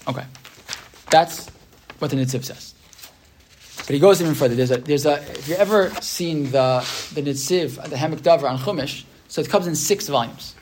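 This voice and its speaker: A man teaching a class, reading texts aloud slowly and explaining them, often checking in with "right?". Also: a little high, a little mellow, a little hiss or hum. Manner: reads Hebrew texts slowly then explains. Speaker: Torah teacher. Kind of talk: text-based class lecture.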